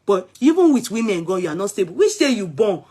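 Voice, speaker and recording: A woman's voice: medium pitch, sing-song, quick pace, dark tone, husky. Chatty Nigerian woman vlogger. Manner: chatty and emphatic, switches between English, Yoruba and Pidgin. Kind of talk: casual celebrity commentary.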